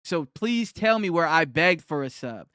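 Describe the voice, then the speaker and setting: Argumentative young man streaming, clear dry voice. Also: a little high, expressive, a little slow, sharp tone, no room sound. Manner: argumentative, repeats himself, reads chat aloud. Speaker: live streamer answering chat. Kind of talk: casual live-stream chat.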